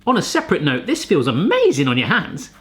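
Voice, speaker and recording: Lively, jokey man. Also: fairly high pitch, a little fast, heavy background noise. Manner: jokey, playful, chatty. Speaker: kitchen gadget reviewer, show host. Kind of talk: casual vlog chat.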